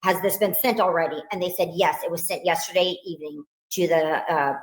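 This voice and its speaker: Mother speaking haltingly in echoey room. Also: fairly low pitch, fairly even intonation. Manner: halting, many restarts, quotes others. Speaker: victim's mother, guest. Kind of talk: emotional interview.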